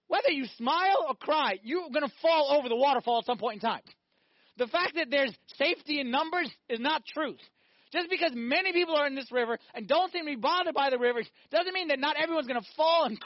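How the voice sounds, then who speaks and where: Animated male priest preaching. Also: very high-pitched, fast, dry recording, dull audio. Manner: animated, rhetorical questions, acts out scenes. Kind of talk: sermon.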